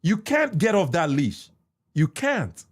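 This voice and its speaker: This Nigerian-accented man hosts a podcast, delivering heated, repetitive commentary that lurches between shouting and muttered asides. His voice is high and sing-song, and he takes his time.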